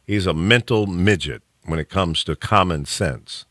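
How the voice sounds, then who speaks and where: A man hosting a radio talk show in casual, opinionated chat, emphatic and quick to laugh. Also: low-pitched, dry recording, clean studio sound. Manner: animated, emphatic, laughs often. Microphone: studio mic.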